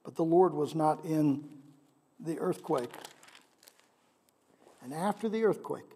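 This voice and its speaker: Guy pastor giving a sermon in church, chatty, keeps asking the crowd stuff, mellow tone, big reverb. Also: a little high, expressive, slow pace, long pauses, slightly rough. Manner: conversational, asks the congregation questions. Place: church sanctuary. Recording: long reverb of a large hall.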